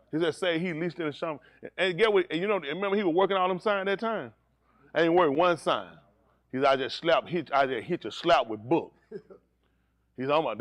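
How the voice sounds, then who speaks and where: A male pastor preaches, alternating between low, steady teaching and high, shouted preaching while teasing people in his congregation. There is no echo.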